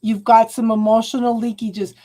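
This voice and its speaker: A woman reads tarot cards live for her online viewers and talks straight to them. Her voice sits a little high but sounds soft and mellow. She stops and restarts her phrases a lot and calls people hun. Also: level tone, moderate pace. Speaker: tarot reader. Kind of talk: live-stream tarot reading, talking to viewers.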